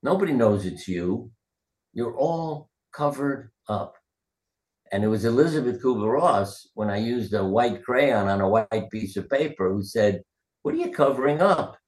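An older man with a fairly low voice tells loose, rambling stories and acts out the quotes. He is a retired surgeon speaking as an interview guest. His voice rings in a roomy echo. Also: animated, unhurried, darkish tone. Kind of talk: casual interview storytelling.

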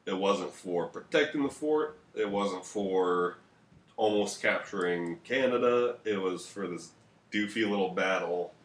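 Low-voiced guy on a history podcast, kinda tired and beered up, cracking profane jokes, echoey room. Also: measured pace. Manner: joking, profane storytelling. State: tired after a few beers. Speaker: podcast co-host. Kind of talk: casual history podcast chat. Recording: roomy echo.

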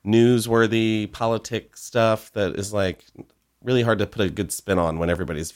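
A man's voice: fairly low pitch, steady tone, normal speed, darkish tone, smooth. A man co-hosting a casual podcast chat, joking and swearing freely while reading out listener letters. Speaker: podcast co-host.

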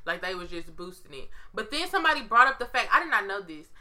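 A woman co-hosting a casual chat show, telling stories in an animated, profane, slangy way. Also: medium pitch, fast talker. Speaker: podcast co-host.

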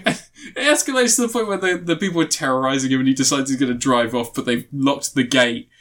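A man's voice: mid-range voice, fast, fairly bright tone. A man chatting casually as a podcast co-host, retelling a show at length and laughing as he goes. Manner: rambling, laughs through his retellings. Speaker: podcast co-host reviewing shows. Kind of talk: casual chat.

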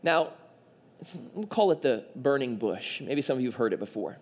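A man preaching a sermon as pastor, animated and acting out the people in his story. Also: medium pitch, moderate pace. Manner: animated, acts out quoted voices.

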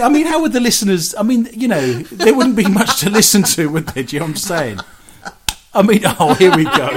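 A man's voice: high voice, very animated, moderate pace, a crowd in the background. A man hosting a radio show, trading cheeky, bawdy jokes with his co-host and laughing at his own lines. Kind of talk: bawdy comic banter.

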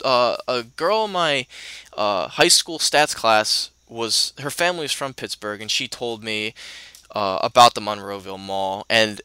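Young male podcast co-host, casual rambling delivery, bright, clear, dry close recording. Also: fairly low pitch, a little slow, no room sound. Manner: rambling, many restarts and fillers. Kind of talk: casual film discussion.

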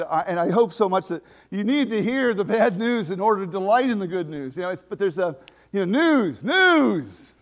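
High, lively-voiced preacher man. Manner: emphatic, swings from loud exclamations to quiet asides. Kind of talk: sermon.

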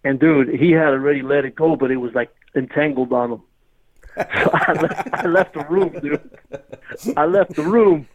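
A man's voice: fairly high pitch, moderate pace, dry recording, low-quality recording. A man telling a rambling, casual story as a podcast guest, repeatedly saying "you know what I mean".

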